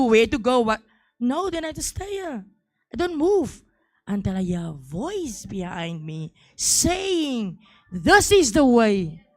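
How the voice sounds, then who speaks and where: Woman preacher, emphatic and repetitive, fairly high voice, dry close sound. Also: no room sound. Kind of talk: sermon.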